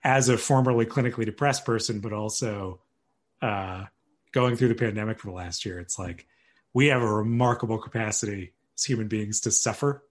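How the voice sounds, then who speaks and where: A man's voice: fairly low pitch, steady tone, brisk. A man chatting casually as a podcast guest, easygoing and self-deprecating, laughing often. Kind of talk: casual chat.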